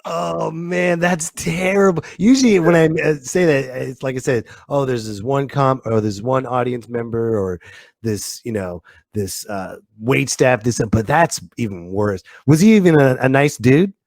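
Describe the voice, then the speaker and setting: A man's voice: mid-range voice, creaky, no room sound. Reactive podcast host man, dry sound. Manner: reactive, quick to exclaim and laugh along. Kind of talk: casual interview chat.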